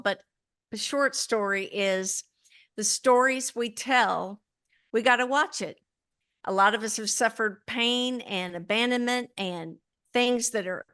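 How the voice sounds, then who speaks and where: A woman's voice: a little high, fairly bright tone, smooth. A woman co-hosting a casual podcast chat, earnest and reflective. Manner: earnest, reflective, faith-minded. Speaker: podcast co-host.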